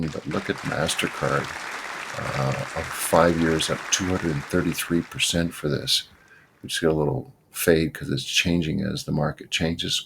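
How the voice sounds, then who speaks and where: Male market-show host, gravelly and husky, rambling casual commentary. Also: extremely low pitch, a bit bright. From Canada. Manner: rambling, with many fillers. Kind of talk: casual market commentary over screen charts.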